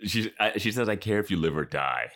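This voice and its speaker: Super deep-voiced dude co-hosting a podcast, laid back, laughs a lot. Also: male voice, brisk. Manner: laughs often, relaxed. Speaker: podcast co-host. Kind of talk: casual chat recapping a TV episode.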